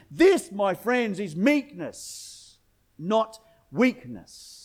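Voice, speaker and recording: A middle-aged man, preaching a sermon in an energetic, conversational way full of rhetorical questions. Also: high voice, moderate pace. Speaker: pastor.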